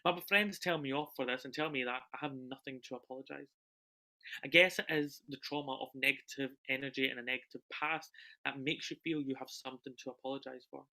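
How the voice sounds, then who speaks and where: A young British man performing an emotional autobiographical stage monologue over a video call, swinging between loud bursts and hushed lines. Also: medium pitch, steady tone, fairly quick. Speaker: solo performer.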